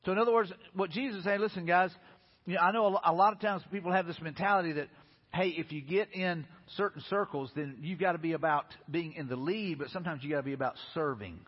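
A male pastor rattles through his sermon at a quick clip, his voice pitched a little high and edged with huskiness. He keeps the tone chatty and informal, and the sound carries a long church-hall reverb through a dull, lo-fi recording. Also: breathy edge. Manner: casual, conversational preaching with lots of "hey, listen" and "you know".

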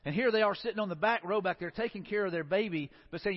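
A man preaching a sermon as pastor to his congregation, earnest, sometimes dropping low and soft for emphasis. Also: quick pace. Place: church sanctuary. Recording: dull sound with long hall reverb.

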